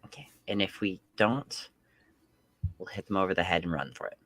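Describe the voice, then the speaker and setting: A man's voice: sits low, expressive, moderate pace, a bit bright, no echo. A man playing a tabletop role-playing game, cracking jokes and riffing in a casual, repetitive way. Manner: jokey, riffing and repeating himself. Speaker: player. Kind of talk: casual in-character tabletop play.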